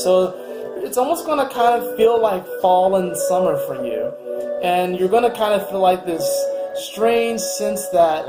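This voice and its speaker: A man's voice: sits high, roomy sound. A man giving a casual weekly astrology reading, rambling and upbeat with lots of fillers. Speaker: astrology reader.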